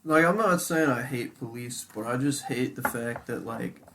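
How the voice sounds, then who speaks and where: A man in casual podcast chat, animated and swearing freely, peppering his talk with "dude". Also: mid-range voice, moderate pace, background noise. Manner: animated, heavy swearing, says "dude" a lot. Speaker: podcast co-host.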